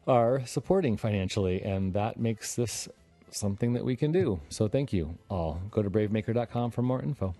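A man's voice: lowish voice, animated, normal speed, warm tone, soft background music. A middle-aged man hosting a podcast, chatting casually and laughing often. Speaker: podcast host.

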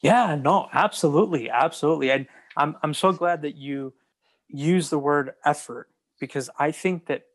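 A man talking casually as a host, earnest and agreeable, repeating words as he gathers his thoughts. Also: a little high. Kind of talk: casual conversation.

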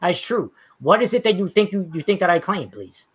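A man's voice: high voice, big pitch swings, fairly quick, breathy edge. A man in a heated online debate, combative and talking over his opponent. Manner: combative, talks over the other, demands precision.

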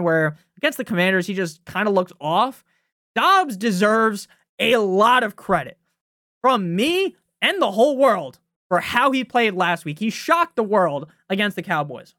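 A man's voice: extremely high pitch, pushed and bright, no echo, studio quality. A young man hosting a fantasy football podcast, ranting casually with lots of swearing and a habit of asking "right?". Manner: brash, swearing, fast-talking, often asks "right?". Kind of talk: profane casual sports rant.

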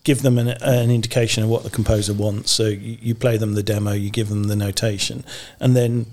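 This is a low-pitched man with a gravelly, creaky voice. He chats casually as the guest in an interview. He rambles, restarts his sentences and laughs often. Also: level tone, a little fast, a little mellow. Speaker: guest orchestrator.

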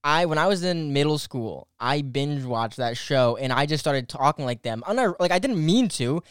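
A young man from the United States with a light New Jersey accent hosts a casual podcast chat over a video call. His voice is smooth and resonant, and the sound is dry and close. He rambles along easily with plenty of "like" and "um". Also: fairly high pitch, animated, moderate pace, dry recording. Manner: chatty, rambling, fillers like "like" and "um". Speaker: podcast host.

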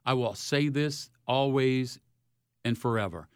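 A retired sports reporter in his sixties, telling lively stories in an interview. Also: a little slow, smooth, dry recording, clean studio sound. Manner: animated storyteller, rising loud in highlights. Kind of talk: storytelling interview.

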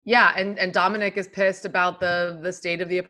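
A woman's voice: fairly low pitch, level tone, normal speed, pushed and bright. Breezy female podcast co-host. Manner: laughs often, breezy. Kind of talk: casual film chat.

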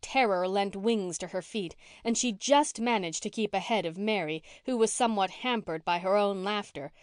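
A woman narrating a classic novel as an audiobook in a measured, expressive reading. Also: mid-range voice, clear, resonant tone, dry recording, studio quality. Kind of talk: scripted narration.

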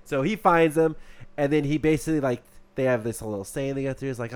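A man's voice: medium pitch, quick pace, clean tone. Guy rambling thru a movie plot, swears a lot, plain mid voice. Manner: rambling, swears freely, acts out quotes. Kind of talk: casual chat, retelling a movie plot.

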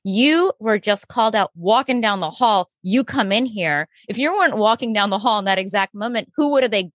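A woman's voice: mid-range voice, lively intonation, a little fast, dry recording, clean studio sound. A woman hosting a podcast, asking encouraging follow-up questions in a casual interview. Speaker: podcast host.

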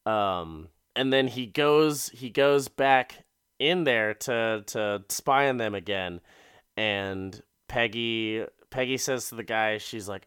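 Guy rambling through a crude movie recap, slow, bright clear voice, dry sound. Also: fairly low pitch, dry recording. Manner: profane, rambling storytelling with many fillers.

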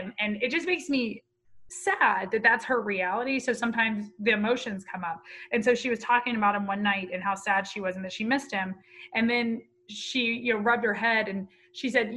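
A woman's voice: fairly high pitch, bright, forceful tone, poor audio. A woman in her thirties speaking candidly and with feeling as an interview guest. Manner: candid, heartfelt, storytelling. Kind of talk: emotional personal interview talk.

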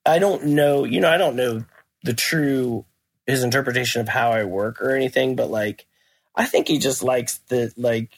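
A guest musician with a medium-pitched voice rambles through anecdotes at a normal speed during a casual interview, laughing and swearing as he goes. He's heard over a remote call.

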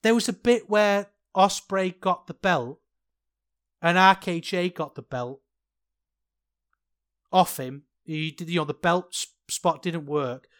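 A man hosting a solo podcast, talking in an animated, ranting way that swings from worked-up to sheepish. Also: sits high, slow, long pauses. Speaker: podcast host.

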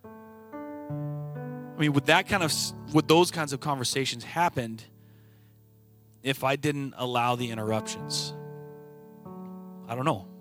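A man's voice: medium pitch, takes it slowly, long pauses, over music. A middle-aged man sharing a personal testimony about his work life, reflective and earnest, telling it as a story. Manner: storytelling, quoting others in conversation. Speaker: team leader at a brokerage.

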